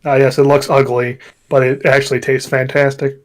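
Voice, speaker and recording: A man's voice: mid-range voice, little pitch movement, normal speed, low-quality recording. A man who is a guest in a casual podcast chat, talking reflectively and searching for his words. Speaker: guest author.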